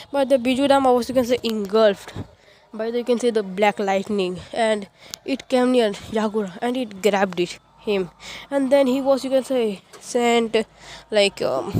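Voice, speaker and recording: A woman's voice: fairly high pitch, a little mellow. A woman improvising a fan story retelling, rambling along and leaning on the same filler phrase over and over. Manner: rambling, repeats the filler "you can say".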